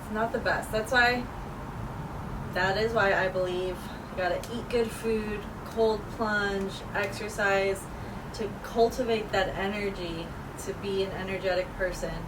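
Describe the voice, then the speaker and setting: A woman talking casually to the camera in a vlog, relaxed and chatty, trying to enunciate clearly. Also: medium pitch, measured pace, distant mic, background noise. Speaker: vlogger.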